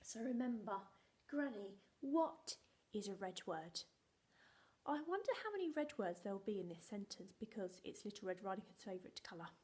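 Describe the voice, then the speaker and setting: A woman's voice: mid-range voice, expressive, moderate pace, a little mellow. A woman teaching a phonics lesson to young children, sounding out letters and often dropping to a whisper. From England. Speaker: primary school teacher.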